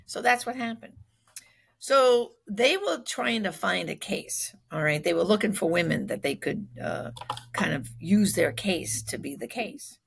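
A woman telling a story in a lively, conversational way, with frequent fillers, who acts out the quoted speech. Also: mid-range voice, a little slow, vocal fry, breathy edge. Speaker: speaker recounting a personal acquaintance's story.

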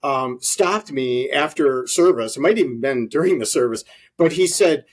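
A man's voice: mid-range voice, normal speed, slightly rough. A man guest in an interview, telling earnest stories with many ums and uhs. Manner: earnest storytelling with many fillers. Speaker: ministry leader guest. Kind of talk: conversational interview.

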